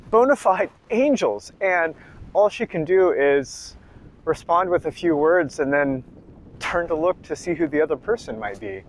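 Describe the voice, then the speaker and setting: Slow-speaking pastor, unhurried and reflective. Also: male voice, high-pitched. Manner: reflective, emphatic in bursts. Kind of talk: sermon and prayer. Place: online church service.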